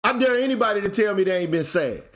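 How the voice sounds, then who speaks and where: A man's voice: high-pitched, lively intonation, fast talker, a bit bright. A man hosting his channel, ranting in casual commentary, blunt and profane, firing off repeated rhetorical questions. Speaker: channel host.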